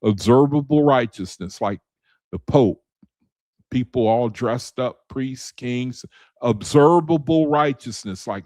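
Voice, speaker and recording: A man's voice: medium pitch, takes it slowly, a little mellow. A man with speech leads a casual Bible study for his viewers. He talks in a loose, conversational way and keeps hammering the same point again and again. His voice sounds dry and close, with no room echo. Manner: conversational, repeats phrases, addresses viewers as brethren and man.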